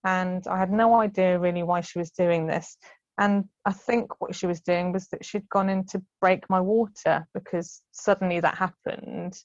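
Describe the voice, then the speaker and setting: Chatty woman, lowish voice. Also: steady tone, normal speed, no echo, highs cut off. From United Kingdom. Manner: chatty, frequent laughs and ums. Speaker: guest sharing birth story. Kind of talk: casual storytelling in conversation.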